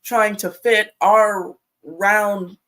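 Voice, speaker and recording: A woman's voice: medium pitch, steady tone, extremely slow, a bit bright, low-quality recording. Woman, panel guest, chatty, casual, lots of fillers. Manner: chatty storyteller with many fillers.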